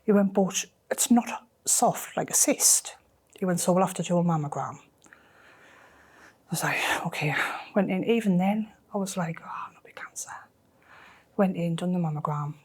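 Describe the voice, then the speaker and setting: A middle-aged woman, telling a personal story in an emotional, halting way that often drops to a near whisper. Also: on the low side, a little mellow, husky. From North East England. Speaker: interviewee.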